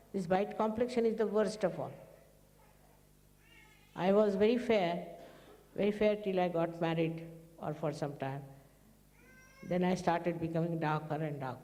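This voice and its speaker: A woman's voice: lowish voice, warm tone. A woman spiritual teacher giving a rambling, anecdotal talk to her followers, acting out bits of dialogue. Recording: long echo of a large hall.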